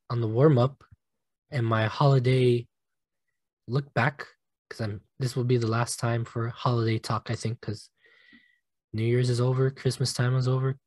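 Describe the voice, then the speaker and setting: A young man hosting a solo sports podcast, animated and emotional, swearing casually and laughing at himself. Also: medium pitch, dry recording. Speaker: podcast host.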